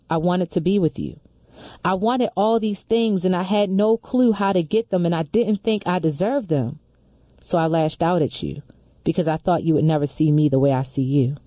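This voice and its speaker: Female talk host, mellow tone, close and dry, earnest measured reader. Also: lowish voice, no room sound. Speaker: radio show host. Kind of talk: reading a letter aloud, then discussion.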